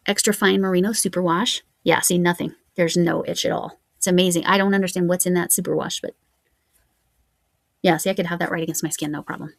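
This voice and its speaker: Casting: woman vlogger, lowish gravelly voice, chatty show-and-tell, thinks out loud. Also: fairly even intonation, fairly quick, dry recording. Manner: chatty, musing aloud while reading yarn labels. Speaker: crochet vlogger. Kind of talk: casual show-and-tell chat.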